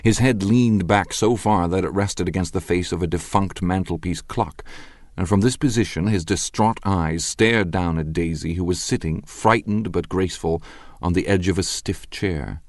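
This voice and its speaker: A man narrating an audiobook in a measured, wry storytelling manner. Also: sits low, no room sound, studio quality. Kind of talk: scripted narration.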